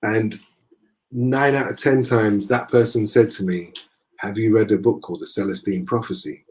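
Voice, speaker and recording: A man with a Northern English accent, a guest in a conversation, telling lively anecdotes and acting out the dialogue. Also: on the low side, normal speed. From northern England. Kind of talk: casual storytelling in conversation.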